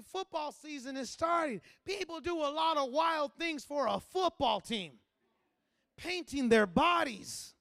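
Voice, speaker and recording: A man preaching a sermon as a pastor, moving from chatty asides to loud, fervent passages. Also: very high-pitched, vocal fry, dry recording, clean studio sound.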